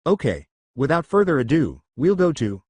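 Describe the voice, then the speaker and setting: A man voicing an ancient female dragon goddess who is playful, teasing and quick to anger, in a fan story reading. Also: a little high, sing-song, darkish tone, slightly rough, dry recording.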